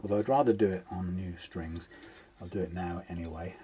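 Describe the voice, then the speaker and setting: Low-voiced man in a guitar workshop. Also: a little fast. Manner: rambling, self-interrupting, mutters to himself. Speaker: guitar technician. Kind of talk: casual workshop talk-through. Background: guitar being plucked.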